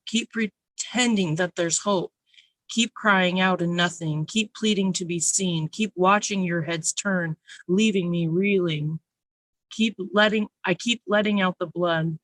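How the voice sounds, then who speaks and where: A nervous open mic poet giving an intense, raw spoken word reading, slowing down on emphatic phrases. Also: mid-range voice, fairly even intonation, fairly bright tone, no echo. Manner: nervous, first time reading for strangers.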